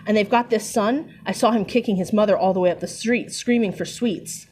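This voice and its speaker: A young woman reading the lines of a stern older female teacher in a slightly lowered, plain reading voice. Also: brisk, a little mellow, a little hiss or hum, close to an everyday voice. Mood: protesting.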